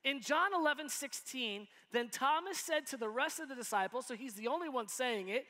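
A man's voice: extremely high pitch, lively intonation, moderate pace, few pauses, pushed and bright, in a large hall. A man preaching a sermon as pastor, talking casually and playfully and acting out little dialogues. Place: church sanctuary.

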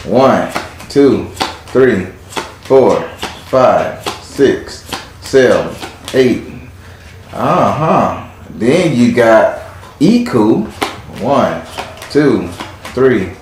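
A man's voice: mid-range voice, animated, extremely slow, pauses often, a little mellow. Blunt joking man reading tarot, echoey. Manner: blunt, joking, salty slang. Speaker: tarot reader. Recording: very echoey room, faint noise.

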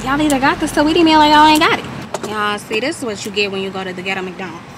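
A woman's voice: fairly high pitch, fast talker, heavy background noise. A woman food vlogger in casual taste-test chat, playful and slangy, hyping up her viewers, filmed on a phone. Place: in a car at a drive-thru, then at home.

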